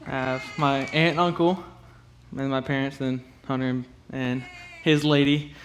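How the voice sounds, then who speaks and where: A young man giving a halting personal testimony to a youth group, full of fillers and nervous laughs and close to tears. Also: mid-range voice, steady tone, a little hiss or hum.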